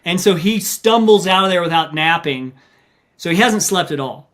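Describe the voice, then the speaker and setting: A man's voice: sits high, normal speed. A middle-aged man, an ultramarathon runner and coach, telling stories in a podcast interview and acting out what people said. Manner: animated storyteller, acts out quotes.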